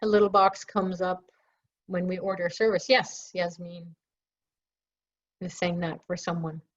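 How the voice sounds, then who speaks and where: A woman's voice: on the low side, fairly even intonation, measured pace. A woman hosting a live question-and-answer stream, chatty and reassuring, with jokes at her own expense. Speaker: live show host answering viewer questions. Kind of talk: casual live Q&A. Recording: dull lo-fi stream audio.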